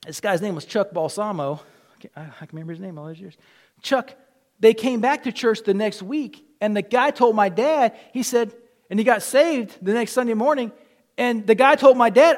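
A middle-aged man delivers a sermon in a fairly high voice, spinning personal stories. He acts out the quoted lines and swings from loud bursts down to a near whisper. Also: lively intonation, normal speed. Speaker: pastor.

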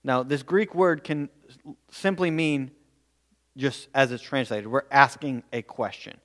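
A man's voice: medium pitch, a little slow, fairly bright tone. A man preaching a verse-by-verse sermon in an earnest way, often repeating words as he goes. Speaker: pastor.

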